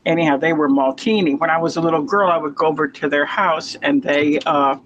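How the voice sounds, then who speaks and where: A woman's voice: sits low, fairly quick, lo-fi sound, background noise. A woman chatting casually from her apartment, telling long, wandering stories while she eats. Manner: rambling, digressive storytelling while eating. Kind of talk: casual chat.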